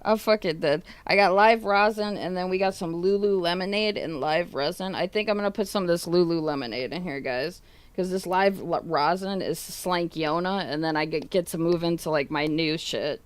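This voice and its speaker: A woman streamer chats casually on a livestream, laughing, swearing a lot and coughing as she retells what her family and chat said. Her voice is on the low side at a normal speed, with no room sound.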